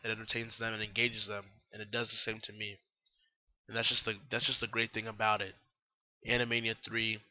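A young man hosts a casual solo newscast, sounding groggy and worn out as he rambles and talks while eating and drinking. His voice is mid-range, and the audio is dull with no room sound.

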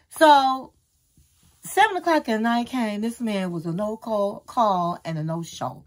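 A woman hosting her own channel, chatting casually to camera and telling a story in an animated way with sudden jumps in pitch. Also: measured pace. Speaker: YouTube channel host.

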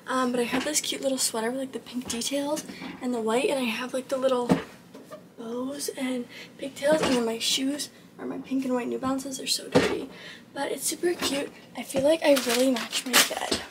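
Creaky-voiced young woman vlogging candidly. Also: sits high, steady tone, normal speed, very noisy. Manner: candid, chatty, often trailing into a soft near-whisper. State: low and out of breath. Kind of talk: casual vlog talk to camera.

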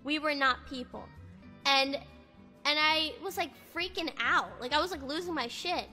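A woman's voice: high voice, unhurried, bright, forceful tone, faint music behind. A woman streamer chatting casually, swearing a lot as she rants heatedly. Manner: profane, heated ranting. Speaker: VTuber streamer.

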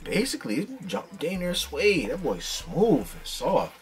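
A man talking casually and excitedly as he unboxes fitted hats for his vlog, full of slang. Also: on the high side, unhurried, soft background music. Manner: excited slangy hype talk. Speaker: hat vlogger.

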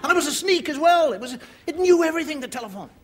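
Racing along in a very high, animated voice, a man with an Irish accent performs stand-up in a TV studio, voicing the people in his story. A live audience can be heard behind him, laughing and making noise.

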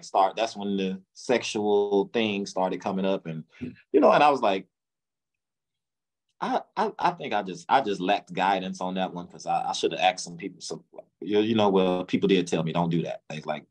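A man's voice: low voice, normal speed. A man from Memphis with a Southern accent, telling a long story in a casual interview, repeating words and acting out quotes. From Memphis, Tennessee, US. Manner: rambling, repeats words, acts out quotes in raised voice. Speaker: guest, music executive.

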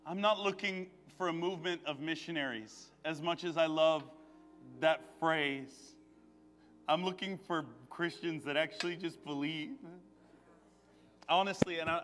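A man in his thirties preaching a charismatic sermon and praying over people, fervent, repeating phrases and rising to shouts. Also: on the high side. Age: 30s. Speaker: guest preacher. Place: church sanctuary. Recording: long church hall reverb with music.

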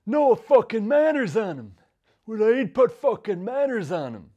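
An actor putting on the voice of an angry, short-tempered father with a Sligo Irish accent, shouting high and strained. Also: very animated, measured pace, highs cut off, exaggerated voice.

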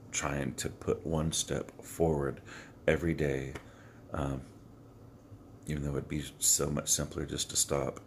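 A man vlogging to his camera in the morning with a scratchy, unwarmed voice, talking earnestly and haltingly, full of fillers and restarts. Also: very deep voice, vocal fry. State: morning voice before tea or water. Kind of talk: rambling motivational vlog to camera. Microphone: phone camera held close to the face.

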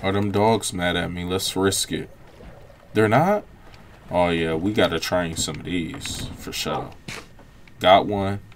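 A young man giving relaxed, reactive commentary over his own gameplay, breaking into quick exclamations. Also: low voice, slight background noise. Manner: laid-back, reactive, frequent exclamations. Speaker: gaming channel host. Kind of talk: let's-play gameplay commentary.

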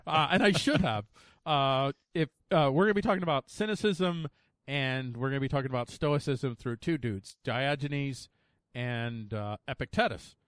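A man hosting a casual podcast chat, excitable and quick to laugh, reading things aloud playfully. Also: medium pitch, no room sound, clean studio sound. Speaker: podcast host.

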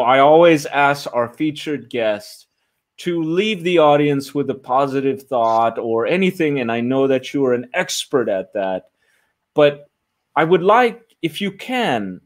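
A man hosting a live online show, wrapping up an interview in an unhurried, announcer-like way. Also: medium pitch. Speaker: host.

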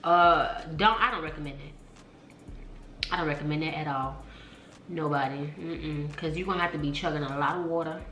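A woman's voice: deep voice, normal speed, fairly bright tone, a little hiss or hum. A young woman vlogging casually to camera, chatty and slangy, calling out to her viewers often. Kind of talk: casual vlog chat to camera. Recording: echoey room.

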